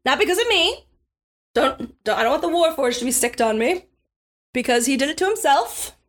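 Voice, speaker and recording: A woman doing a smug, high-voiced pirate captain. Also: sing-song, a little fast, fairly bright tone. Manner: grandiose, condescending, calls others darling. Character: smug, theatrical female space pirate captain.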